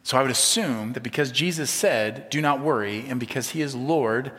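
Male pastor, sermon delivery, conversational with humor, soft-to-emphatic swings, long hall reverb. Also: mid-range voice, normal speed.

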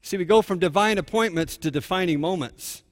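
A male pastor preaching a sermon, telling a story and moving between hushed and fervent delivery. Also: sits high, fairly quick, big-room sound.

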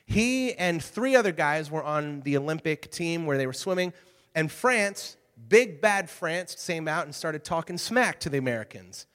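Excitable man telling stories in a hall. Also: a little high, moderate pace. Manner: excitable, animated storytelling with asides to the crowd. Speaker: speaker addressing a live group. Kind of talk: energetic talk to an audience. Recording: reverberant hall.

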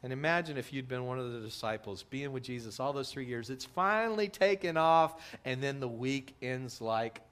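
A middle-aged man preaching a sermon as a pastor, animated, acting out quotes with big swings in pitch and loudness. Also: normal speed, hardly any pauses, smooth.

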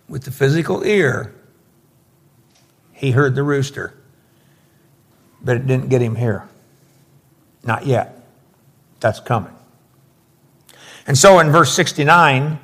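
A man preaching a verse-by-verse sermon, explaining scripture with emphatic, folksy asides. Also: fairly high pitch.

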